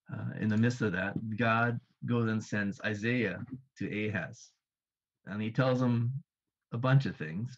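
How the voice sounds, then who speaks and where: Casual low-voiced man preaching. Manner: conversational, many fillers and self-corrections. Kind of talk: sermon. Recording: dull lo-fi church stream audio.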